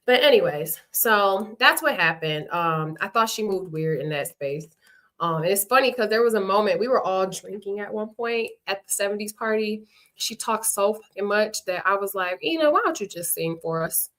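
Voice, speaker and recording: A woman's voice: mid-range voice, moderate pace, fairly bright tone. A young adult woman, a reality show cast member, talking frankly and rambling through an unscripted livestream with casual swearing.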